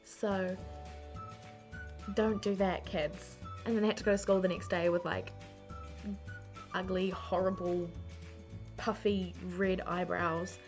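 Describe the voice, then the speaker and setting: A woman's voice: on the low side, level tone, slow, pauses often, music in the background. A young woman telling funny stories to camera, chatty and self-mocking, full of "like". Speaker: beauty vlogger. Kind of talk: casual storytelling to camera. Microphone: camera mic.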